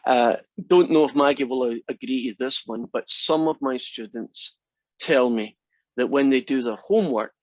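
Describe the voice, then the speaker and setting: A Scottish man teaching a college math class, relaxed and chatty with a dry, teasing humor. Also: medium pitch, moderate pace, no echo, lo-fi sound. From Scotland. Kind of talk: classroom lecture.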